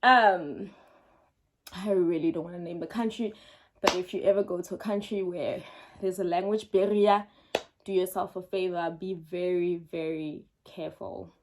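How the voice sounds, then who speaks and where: A young woman vlogger telling a casual storytime to her camera, animated and emphatic, with frequent ums and words repeated for effect. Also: fairly low pitch, normal speed, background noise.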